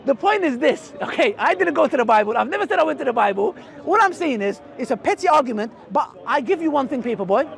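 A man's voice: very high-pitched, very animated, fast, gravelly, few pauses. A man debating in an outdoor park, mocking and emphatic, talking to the crowd. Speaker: street debater. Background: crowd chatter.

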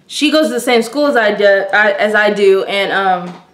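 In a roomy-sounding recording, a young woman with a mid-range voice narrates a story-time vlog at a moderate pace. She's breathless and dramatic, leaning heavily on the word "like."

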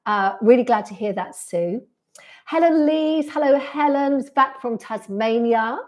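Pilates instructor, woman, slightly high voice, friendly and chatty with viewers. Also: a little slow. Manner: friendly, reads out viewer comments and replies to each. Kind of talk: chatty live-stream Q&A after class. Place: sunny room indoors.

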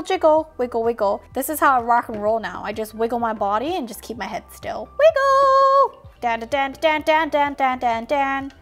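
A woman hosting a toy unboxing video, narrating in a silly, playful way and making sound effects. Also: high-pitched.

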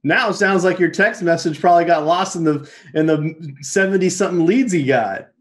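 A man's voice: a little high, brisk. A man hosting an interview, summing up and explaining his guest's point in a conversational way. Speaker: host.

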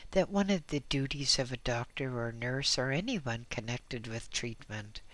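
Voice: mid-range voice, sharp tone. A reader narrating a first-person memoir with dry, wry asides. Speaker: audiobook reader.

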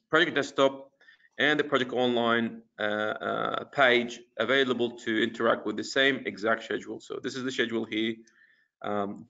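A man presenting a webinar, walking through a software demo in a casual way, with lots of fillers and restarts. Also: medium pitch, gravelly. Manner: casual, many fillers and restarts while clicking through screens. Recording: dull lo-fi webinar audio.

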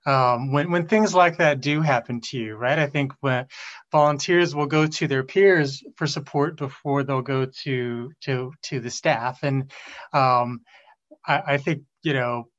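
A man speaking as a panelist, measured and thoughtful. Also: medium pitch, a bit bright, dull audio. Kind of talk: panel discussion.

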